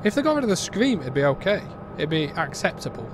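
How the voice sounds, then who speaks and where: A man's voice: a little high, big pitch swings, quick pace, background noise. A British man giving a casual, blunt and exasperated game review, rambling with frequent restarts.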